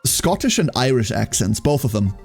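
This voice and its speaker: A German man with a light German accent talks casually on his live stream, reading and answering chat. His voice jumps around a lot in pitch, and he laughs often and repeats phrases for effect. Faint music plays under his voice. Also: sing-song, moderate pace, creaky, a little mellow.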